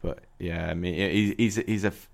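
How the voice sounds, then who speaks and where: A man's voice: sits low, fairly even intonation, moderate pace, gravelly. A man hosting a casual football podcast, talking in a dry, understated, slightly pessimistic way. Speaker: podcast host.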